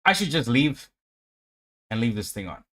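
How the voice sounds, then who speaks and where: A man's voice: medium pitch, big pitch swings, moderate pace, a bit bright. Guy livestreaming day trades, swears a lot, gets hyped and rambles at chat, regular mid voice. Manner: profane, hyped, talks to himself and chat. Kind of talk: live trading commentary.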